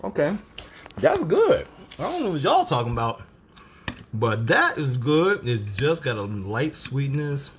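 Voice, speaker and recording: A man's voice: a little high, big pitch swings, a little slow, slight background noise. Playful, teasing middle-aged man. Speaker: cooking show host. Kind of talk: casual chat while tasting food.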